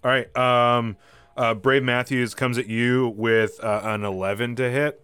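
A man's voice: medium pitch, level tone, a little slow, a bit bright, clear, resonant tone, no echo. A man running a live tabletop game as game master, narrating casually with many fillers and restarts.

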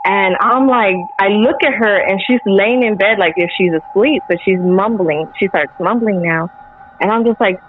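Animated woman telling a story over a tinny line. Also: mid-range voice, a little slow. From Central Texas. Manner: animated, laughing often, acting out quoted lines. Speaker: guest. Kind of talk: casual storytelling.

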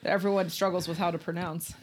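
A laid-back woman co-hosting a podcast, speaking in a fairly low voice. She chats casually and plays along with her partner's joke. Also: level tone, quick pace, breathy edge. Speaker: podcast co-host. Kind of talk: casual chat.

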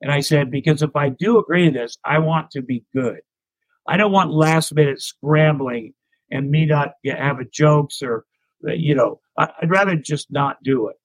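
A man's voice: fairly high pitch, normal speed, no room sound, poor audio. Rambling middle-aged man, dry close sound. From United States. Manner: rambling, self-deprecating, frequent restarts. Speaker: interview guest, comedian. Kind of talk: candid anecdotal storytelling.

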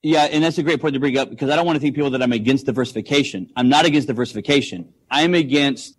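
A man's voice: medium pitch, very fast. A man talking money on a podcast, emphatic, full of rhetorical questions. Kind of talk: casual podcast chat.

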